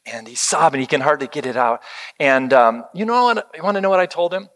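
A middle-aged man preaching a sermon, telling a family story in a conversational way and dropping to a soft hush when he quotes words of comfort. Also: fairly high pitch, animated, fairly quick. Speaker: pastor.

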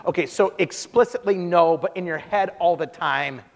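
A man preaching a sermon, telling stories with lively acted-out quotes. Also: high voice, moderate pace, creaky. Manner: animated storytelling, acts out quotes in character voices. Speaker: pastor. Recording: long hall reverb.

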